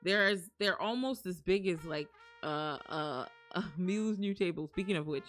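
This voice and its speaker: A young woman streaming from home, chatting casually with her viewers, excitable and rambling, often breaking into gasps and laughs. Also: fairly low pitch, moderate pace, faint music behind. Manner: rambling, restarts sentences. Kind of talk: casual live-stream chat.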